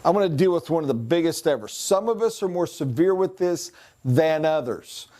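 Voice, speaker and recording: A man with a mellow, warm voice leads a sales training class. He talks conversationally and acts out quick voices and accents as examples. Now and then he slows to write on a board. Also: fairly high pitch, lively intonation. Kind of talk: recorded training lecture.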